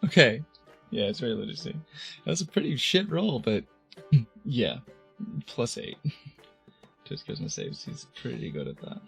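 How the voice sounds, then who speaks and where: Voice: medium pitch, wildly swooping pitch, a little slow, creaky, long pauses, soft background music. A game master in a casual tabletop game stream, chatty and often laughing.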